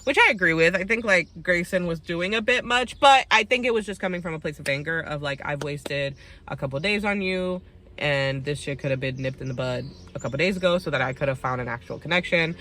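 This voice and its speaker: A woman's voice: deep voice, brisk, pushed and bright. A woman giving a casual, heated recap of a reality show, blunt and profane, acting out quotes from the cast. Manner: acts out quotes of the cast mid-story. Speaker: TV recap host.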